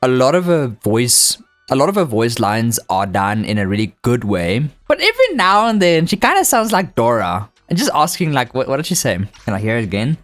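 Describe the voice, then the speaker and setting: A man's voice: mid-range voice, huge pitch swings, a little fast, a bit bright, faint music behind. A young man chatting casually over gameplay, rambling and joking and reading game lines aloud. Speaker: gaming YouTuber.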